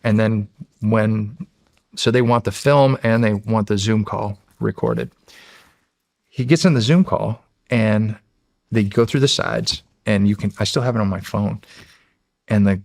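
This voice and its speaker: An American man in his forties, a podcast guest, tells a story casually and with animation, acting out what people said and swearing freely. His voice is on the low side, and he keeps a measured pace with frequent pauses, recorded in studio quality with no echo.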